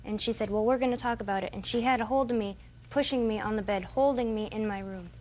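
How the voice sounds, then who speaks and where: A woman's voice: a little high, quick pace, a little mellow, slight background noise. A woman in her twenties giving testimony as a defendant in court, rambling and hesitant, quoting what others said. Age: 20s.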